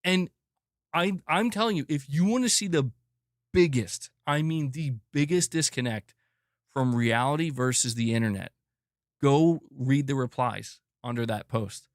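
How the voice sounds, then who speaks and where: A man hosting a gaming news livestream, ranting emphatically with lots of swearing, swinging from loud bursts to muttered asides. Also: mid-range voice, a little slow, no echo, studio quality. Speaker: gaming news channel host. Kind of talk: livestream commentary rant.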